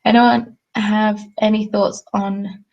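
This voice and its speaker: Chatty young Englishwoman with vocal fry. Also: mid-range voice, flat delivery, slow, a little mellow, highs cut off. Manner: chatty and rambling, reads out viewer comments. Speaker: host. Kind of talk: casual livestream chat while knitting.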